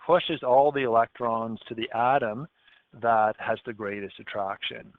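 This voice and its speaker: A man's voice: mid-range voice, a little slow, dry recording. A male chemistry teacher giving a recorded lesson, explaining step by step and checking in often with "okay?". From Canada. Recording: dry, tinny phone-like audio.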